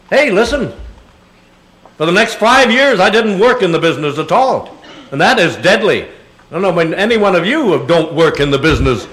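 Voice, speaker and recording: A man's voice: sits high, lively intonation, moderate pace, a bit bright. An older man, a guest speaker, answering audience questions with rambling, chuckling stories full of fillers. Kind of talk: public Q&A talk. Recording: echoey hall sound.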